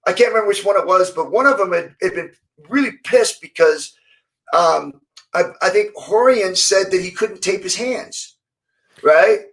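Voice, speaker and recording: A middle-aged former fighter tells stories in a casual interview, animatedly acting out the quoted lines of the people involved and restarting often. His voice is high-pitched at normal speed, and the recording is rough.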